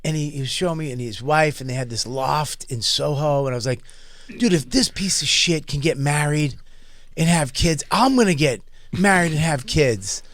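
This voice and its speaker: A man's voice: fairly high pitch, lively intonation, moderate pace, fairly bright tone, dry recording. A man hosting a casual comedy podcast, telling stories loosely with swearing and frequent laughs. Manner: storytelling with profanity and laughter. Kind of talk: casual chat.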